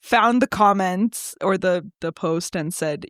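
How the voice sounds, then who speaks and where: A young woman co-hosting a podcast, telling a story in casual chat, animated and swearing freely. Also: lowish voice, moderate pace, hardly any pauses, no room sound, clean studio sound. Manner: animated, swears freely, acts out quoted voices. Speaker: podcast co-host.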